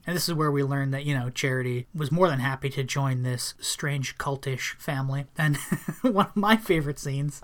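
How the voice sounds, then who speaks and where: A man co-hosts a relaxed movie podcast, walking through scenes and slipping into quick impressions of the characters. His voice sits in a middle pitch, and he laughs easily as he talks. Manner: laughs often, retells scenes with acted quotes. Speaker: podcast co-host. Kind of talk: casual movie discussion.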